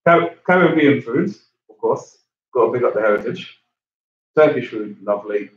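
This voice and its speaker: A man's voice: medium pitch, lively intonation, moderate pace, slight background noise. A young man from England with a London accent, co-hosting a casual football watchalong and joking and laughing often. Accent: London English. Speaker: fan channel co-host. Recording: roomy, distant, dull lo-fi sound.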